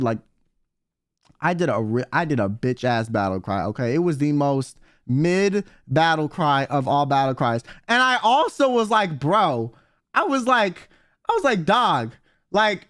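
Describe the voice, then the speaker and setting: A young man streamer telling a rowdy story in casual chat, animated and swearing often as he acts out quotes. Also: high-pitched, dry recording, studio quality.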